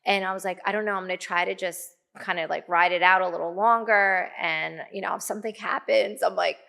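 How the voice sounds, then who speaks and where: A woman's voice: lowish voice, fairly even intonation, a little fast, vocal fry, bright, forceful tone. A middle-aged woman telling a personal story as a podcast guest, chatty, full of fillers, acting out what she and others said. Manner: chatty, many fillers, acts out her own quotes. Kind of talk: casual storytelling.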